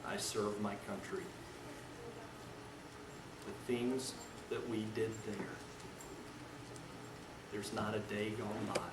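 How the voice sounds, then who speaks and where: Man putting on a soft-spoken old veteran, halting, roomy hall, distant mic, background noise. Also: fairly low pitch, steady tone, voice pushed down. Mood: solemn confession. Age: 70s. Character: quiet older male veteran juror, solemn and tearful.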